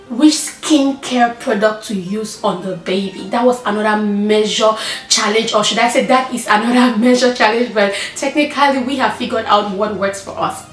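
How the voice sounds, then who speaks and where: A chatty woman talking candidly as a new mother, often acting out her own frantic inner thoughts. Her voice sits a little high, and the room around her rings with echo. Soft music plays faintly underneath. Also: normal speed, recorded from a distance. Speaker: vlogger, first-time mother. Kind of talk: candid personal vlog talk.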